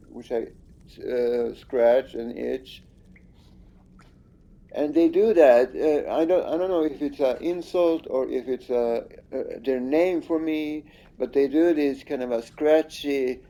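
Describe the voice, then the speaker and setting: A man's voice: medium pitch, mellow. A man giving casual, rambling commentary over his own gameplay, accusing and swearing at the screen.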